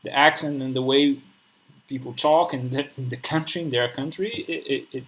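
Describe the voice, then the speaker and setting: A man's voice: mid-range voice, normal speed, a bit bright, poor audio. Hesitant man with a mid-range voice. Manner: hesitant, many fillers and restarts. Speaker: live stream host. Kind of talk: casual conversation.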